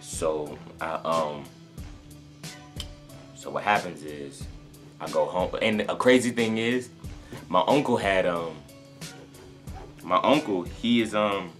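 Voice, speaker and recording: A young man tells a long story to camera in a low, deep voice. He rambles, restarting sentences and leaning on fillers as he goes. Faint music plays behind him. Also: takes it slowly, long pauses, a bit bright. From North Carolina. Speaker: sneaker vlogger.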